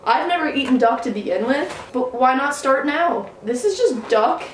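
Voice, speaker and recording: Young woman from canada, higher voice, chatty and jokey, kinda far from the mic in an echoey room. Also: expressive, normal speed, slight background noise. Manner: chatty, swears casually, jokey. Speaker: vlogger. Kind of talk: casual mukbang chat while eating. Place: room at home.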